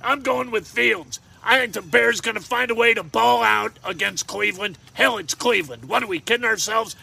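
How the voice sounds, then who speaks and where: Gravelly, jokey man making sports picks. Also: sits high, normal speed, sharp tone. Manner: jokey, rambling, talks to himself. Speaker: sports betting picks host. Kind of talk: casual picks monologue.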